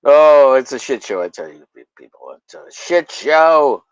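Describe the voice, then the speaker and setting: A man's voice: mid-range voice, sing-song, moderate pace, smooth, no room sound, highs cut off. A man hosting a livestream in casual chat, rambling and swearing, with mock-angry jokes. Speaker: livestream host.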